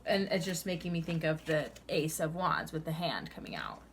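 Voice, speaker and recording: Low-voiced woman reading tarot cards. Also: very animated, normal speed, a little hiss or hum. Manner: earnest, chatty, sighing between cards. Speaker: tarot reader.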